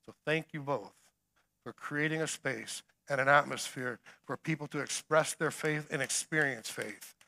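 A middle-aged man preaching a sermon, swinging between emphatic calls and quiet storytelling. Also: medium pitch, moderate pace, gravelly. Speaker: guest preacher.

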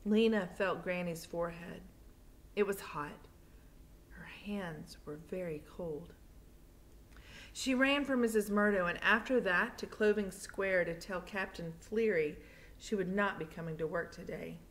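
A young woman teacher chatting playfully with her students, then reading a novel aloud to them in steady narration. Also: fairly low pitch, unhurried, slight background noise.

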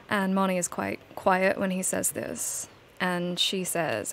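A woman's voice: mid-range voice, steady tone, takes it slowly, slight background noise. A woman narrating her gameplay in a casual, chatty, storytelling way. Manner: chatty, storytelling, laughs now and then. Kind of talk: casual let's-play narration.

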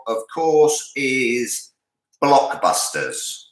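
An Englishman runs a charity pub quiz in a bright, easygoing voice. He jokes between the questions and draws out each answer. The sound is roomy and echoey. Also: medium pitch, big pitch swings. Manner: jokey, chatty, reads answers slowly. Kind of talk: casual charity quiz hosting. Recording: echoey room.

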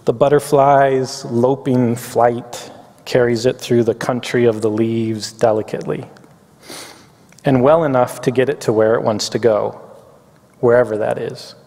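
A man preaching a chapel sermon, reading poetry slowly and reflectively, getting a little weepy. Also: mid-range voice, fairly even intonation, dark tone. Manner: reflective, reads poetry slowly, tearful at times. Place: campus chapel. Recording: long hall reverb.

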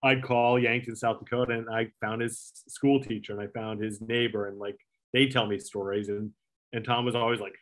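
A middle-aged man who used to produce late-night segments tells a long story in a casual interview. His mid-range voice is flat and moderately paced as he rambles, swears, leans on fillers, and acts out quotes.

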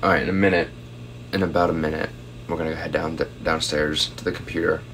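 A man's voice: extremely low pitch, flat delivery, fast, fairly bright tone, slight background noise. A young man chatting casually on a phone livestream at home, reading out viewer comments and thanking them for gifts.

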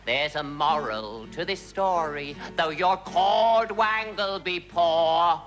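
An actor playing a mock-solemn, bawdy rustic folk singer in a comic radio song, with a slow, drawling, mock-pompous delivery. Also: male voice, fairly high pitch, a bit bright, voice pushed up. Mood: sung, comic. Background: music.

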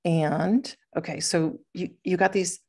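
A woman's voice: fairly low pitch, steady tone, a little slow, warm tone, slightly rough. A woman hosting a podcast, chatting casually in a rambling, playful way and laughing often. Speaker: podcast host. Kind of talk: casual chat.

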